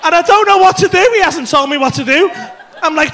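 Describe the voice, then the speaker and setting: High-voiced, sweary comedian. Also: male voice, a little fast, slight background noise. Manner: swearing, animated, laughs while telling. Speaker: stand-up comedian. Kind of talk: stand-up storytelling. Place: comedy club stage.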